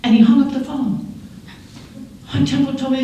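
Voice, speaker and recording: An older woman giving a keynote speech, telling stories in a measured, wry way, recorded in a large conference hall. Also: high voice, steady tone, mellow, slight background noise. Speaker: keynote speaker. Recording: echoey hall from far off.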